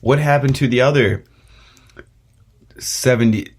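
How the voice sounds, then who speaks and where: A man's voice: medium pitch, unhurried. A young man hosting a casual podcast chat, ranting and swearing with frequent laughs. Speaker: podcast host.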